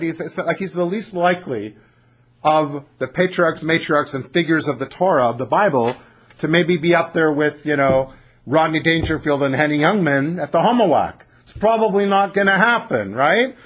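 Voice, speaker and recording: A man teaching a Torah class over a video call. He tells stories in an animated way and keeps asking his listeners questions. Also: a little high, slightly rough, poor audio. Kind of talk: Torah class lecture with storytelling.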